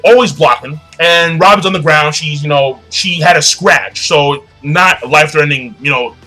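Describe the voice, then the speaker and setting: Brief: young man, fairly high and bright, cussing, rambling, full of fillers, soft music underneath. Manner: profane, slangy and rambling, with frequent fillers. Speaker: manga chapter reviewer. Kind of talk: casual recap monologue.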